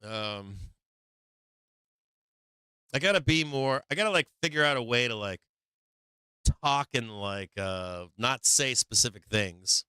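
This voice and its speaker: A man's voice: mid-range voice, animated, slow, long pauses, bright, forceful tone, smooth, no room sound. A man hosting a stock market livestream, chatting casually and profanely with his viewers in a rambling way.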